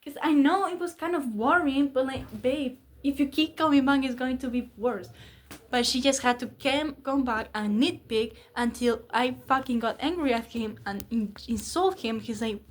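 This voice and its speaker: A woman's voice: sits high, moderate pace. A young woman vlogging casually, rambling candidly and swearing freely about her relationship. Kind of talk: casual confessional vlog.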